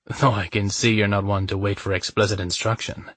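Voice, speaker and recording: Brooding guy in a romance story, man reading him, low husky voice, dry close sound. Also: little pitch movement, a little fast, fairly bright tone, no room sound. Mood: low, tender. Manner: low, intimate, sometimes gruff. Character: brooding man, protective and passionate lover.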